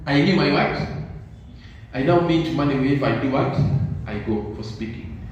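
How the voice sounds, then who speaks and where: A man's voice: medium pitch, normal speed, lo-fi sound. Older guy giving a pep talk to teachers, call and response style, far from the mic, really echoey. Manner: call-and-response, leaves sentences open for the audience to finish with "what?"; preachy, insistent. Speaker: motivational speaker. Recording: echoey hall from far off with faint noise.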